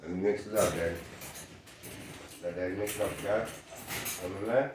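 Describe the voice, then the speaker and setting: A man's voice: sits low, steady tone, normal speed, noisy background. A man just woken up, chatting casually in slang to his viewers while feeding his dogs. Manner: laid-back slangy chat, keeps asking "you understand me". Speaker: dog owner vlogger. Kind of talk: casual vlog talk to camera. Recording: roomy echoey sound.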